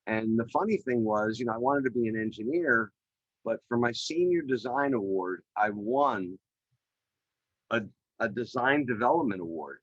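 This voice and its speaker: A middle-aged man, a podcast guest, telling his career story in an energetic, chatty way with many fillers over a video call. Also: medium pitch, moderate pace, dry recording, muffled recording. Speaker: podcast guest, real estate developer. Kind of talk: animated storytelling in an interview. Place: remote call.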